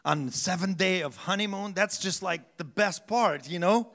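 A male pastor gives a sermon in a loose, conversational way, stopping often to quiz the congregation. His voice sits high and comes across bright and forceful. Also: normal speed.

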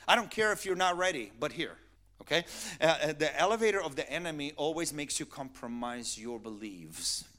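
A man preaching a sermon as pastor, animated and emphatic, repeating phrases to drive his points home. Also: medium pitch.

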